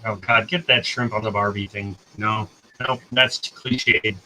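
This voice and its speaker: Streamer type: American man, bright and forward tone, chatty and self-correcting. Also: lowish voice, fairly even intonation, a little slow, a little hiss or hum, rough recording. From United States. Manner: rambling, self-correcting, talks to chat. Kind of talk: casual chat on a live stream.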